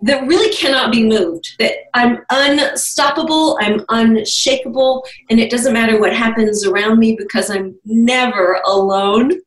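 A woman's voice: fairly high pitch, measured pace, hardly any pauses. Upbeat woman storyteller, distant and roomy. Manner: enthusiastic storyteller, laughs often. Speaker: guest, life coach. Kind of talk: conversational interview.

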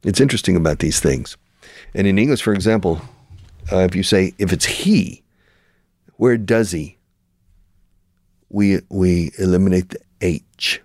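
A man hosting an interview, talking through language points by repeating example phrases with lively emphasis. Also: low-pitched, moderate pace, dry recording, studio quality. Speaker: show host and language school founder. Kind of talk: conversational interview.

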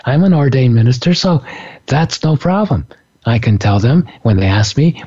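A middle-aged man, a psychic and minister, telling a story in a casual, animated way with frequent laughter. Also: medium pitch, moderate pace, breathy edge, lo-fi sound. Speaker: podcast host, psychic and minister.

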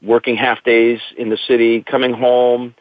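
A man's voice: medium pitch, flat delivery, normal speed, dry recording. A middle-aged man, a guest in an interview, telling his own story in an earnest, reflective way. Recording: tinny dry phone line.

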